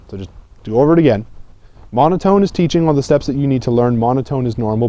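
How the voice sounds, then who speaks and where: A man giving a casual public speaking lesson, talking conversationally and often checking in with "okay?", dropping low and quiet to make a point. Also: lively intonation, fast. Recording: slightly dull lo-fi sound.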